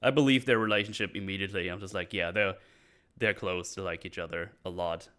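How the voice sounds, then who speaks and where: A man with a fairly low voice gives a loose, chatty recap of an episode. He rambles, trips over his words and circles back with plenty of fillers as he talks. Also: quick pace, fairly bright tone, clean tone. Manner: rambling, many restarts and fillers. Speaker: show recap host.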